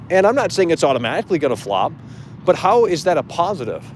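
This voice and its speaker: Man, fairly high voice, swearing rant, live stream host, city street, faint traffic. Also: very animated, fast talker, darkish tone. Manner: blunt, profane, ranting. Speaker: host of a live gaming show.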